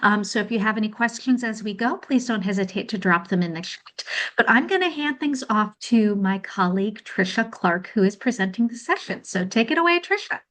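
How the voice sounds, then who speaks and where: A woman's voice: mid-range voice, animated, fairly quick, hardly any pauses, a bit bright. A woman hosting a webinar, casually introducing the presenter and helping with tech issues. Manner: casual, hands over to the speaker. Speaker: webinar host. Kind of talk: brief introduction.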